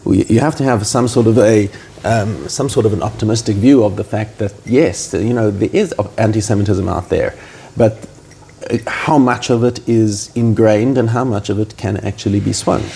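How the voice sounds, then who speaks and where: A man hosting a podcast interview, talking casually and haltingly, hunting for words with frequent fillers. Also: lowish voice, gravelly, dark tone, slight background noise. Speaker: podcast host.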